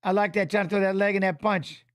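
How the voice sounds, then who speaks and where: A middle-aged man hosting a fight watch-along, animated, coaching the fighters and chatting with viewers. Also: high voice, quick pace. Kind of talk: live watch-along commentary and chat reading.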